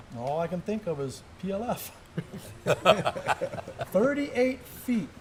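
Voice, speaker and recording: A middle-aged man recounts his army days with animated, blow-by-blow energy. His voice sits somewhat high for a man. Faint background noise hangs under the talk in the indoor event space. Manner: animated, vivid play-by-play storytelling. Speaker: military veteran telling war stories. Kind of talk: live interview storytelling.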